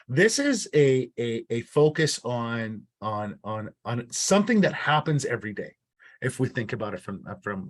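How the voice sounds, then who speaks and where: A man leading an online workshop. He talks casually and often repeats words and restarts his phrases. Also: medium pitch. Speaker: workshop facilitator.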